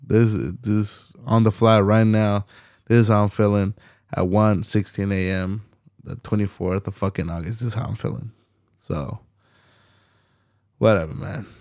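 Young guy ranting on his podcast late at night, cussing a lot, gravelly voice, dry close sound. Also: fairly low pitch, fairly even intonation, a little slow, pauses often, a little mellow, no room sound. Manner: profane, blunt, heated slangy ranting. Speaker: podcast host.

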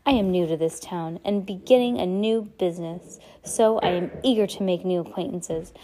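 A woman's voice: fairly low pitch, normal speed, dark tone, natural voice. A woman reading aloud as a scheming male villain disguised as a sea captain, oily and falsely polite.

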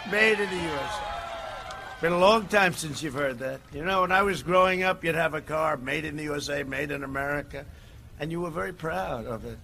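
Guy riffing at an outdoor rally, wanders off topic, yells then mutters, bright tense voice. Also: on the high side, brisk, vocal fry, slight background noise. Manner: rambling, digressive, swings between shouting and muttering. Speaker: political candidate at a rally. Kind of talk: campaign rally speech.

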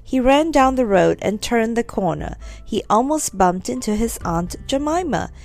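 A woman narrating a children's storybook with gentle, expressive reading. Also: fairly high pitch, normal speed, creaky, faint music behind.

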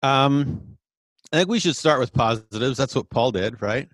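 A man co-hosting a casual talk show, speaking in a relaxed, hesitant way with many fillers. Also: mid-range voice, normal speed, no echo, studio quality. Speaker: podcast co-host. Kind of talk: casual conversation about preaching.

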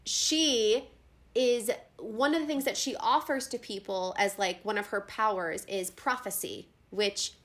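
A woman's voice: medium pitch, a little slow, a bit bright. A young woman co-hosting a casual podcast about books, talking in a chatty way full of filler words. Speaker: podcast co-host. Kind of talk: casual book chat.

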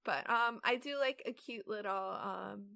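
A woman's voice: mid-range voice, unhurried, creaky, sharp tone. A woman in her twenties co-hosting a casual podcast, chatting and reading fan fiction aloud with stumbles and hesitations. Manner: hesitant, stumbling over words while reading. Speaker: podcast co-host.

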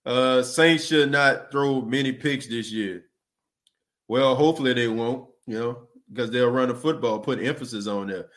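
A man with an ordinary, mid-pitched voice hosts a relaxed sports podcast. His talk is loose and conversational, full of repeated words and asides of "you know" and "man." He stops now and then to read out and answer comments from listeners. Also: normal speed. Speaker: podcast host.

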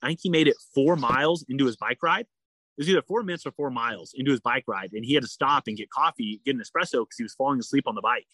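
A man's voice: mid-range voice, fast talker, fairly bright tone, dry recording. A man telling a long personal story in a casual interview, full of fillers and restarts. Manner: rambling, frequent "like" and "you know" fillers. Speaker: endurance athlete guest.

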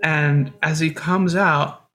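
A woman casually telling a story as a guest, relaxed and acting out quoted voices. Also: sits low, slow.

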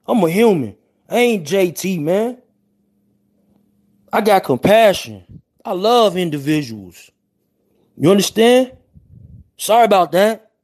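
A man's voice: sits high, big pitch swings, unhurried, pauses often, a little mellow. A young man from Chicago with a Chicago accent, chatting casually to viewers on a livestream in brash street slang and apologizing over and over. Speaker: livestream host.

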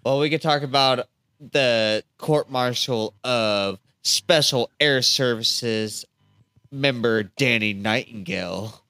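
A man's voice: mid-range voice, takes it slowly, bright, forceful tone, clear, resonant tone, no room sound, soft background music. A man co-hosting a podcast, telling rambling, profane stories in casual chat. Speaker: podcast co-host.

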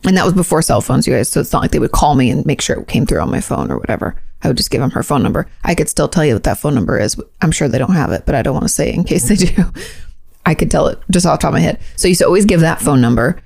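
A woman hosting a casual chat show, chatty and expressive, laughing easily. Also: sits low, racing, creaky, husky. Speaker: host.

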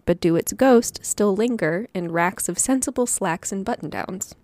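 A woman of middle pitch co-hosting a podcast, chatty and giggly, often laughing mid-sentence. Her voice sits close and dry on the mic, with no room sound. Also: moderate pace, a little mellow, no echo. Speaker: podcast co-host and storyteller. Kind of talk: casual chat.

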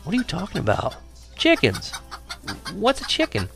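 A man's voice: mid-range voice, animated, a little fast, faint music behind, pitched above the performer's own voice, lightly acted. A man voicing a cocky know-it-all boy who teases his friend in a brash way. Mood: mocking. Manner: brash, teasing.

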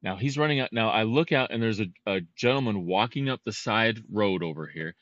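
A man co-hosting a podcast, telling a story in a casual, animated and heated way. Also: lowish voice, brisk, dry recording, dull audio. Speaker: podcast co-host.

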